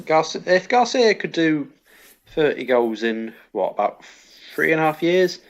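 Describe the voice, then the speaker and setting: A man's voice: fairly high pitch, sing-song, unhurried. A man as a podcast co-host playing quiz contestant, thinking aloud with hesitant fillers. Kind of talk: casual chat.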